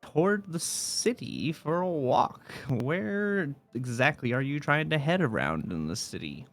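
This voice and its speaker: Rambling male dungeon master, lively voice. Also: a little high, measured pace, faint music behind. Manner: rambling, many fillers and restarts. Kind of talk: narrating a tabletop game.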